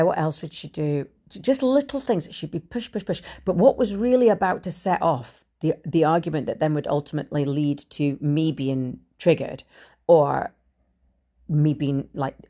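A woman's voice: low-pitched, a little mellow. A middle-aged woman podcaster talking frankly and conversationally in a personal monologue, now and then swearing.

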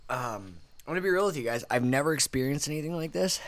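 Male podcast co-host, animated pitch, casual and self-mocking while in pain. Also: quick pace. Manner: talks through the pain of eating hot wings, rambling and self-deprecating. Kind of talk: casual chat.

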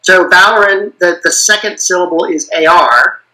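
Bright-voiced man explaining patiently. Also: high voice, moderate pace, rough recording. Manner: patient, detailed explanations with frequent fillers. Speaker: guest expert on invented languages. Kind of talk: explanatory podcast chat.

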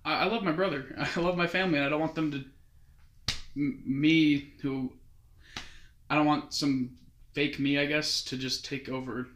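A man's voice: a little high, steady tone, moderate pace, long pauses, a bit bright, a little hiss or hum. A young man casually telling a long story as a guest. He rambles and keeps quoting others with "he's like". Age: young adult. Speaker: guest recounting his mission. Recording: roomy echo.

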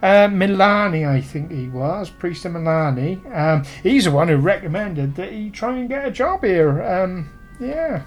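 A woman's voice: lowish voice, lively intonation, measured pace, soft background music. A woman voicing a grieving tavern woman who rambles and hesitates in an affectionate way. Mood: flustered. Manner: affectionate, calls people "my lovers".

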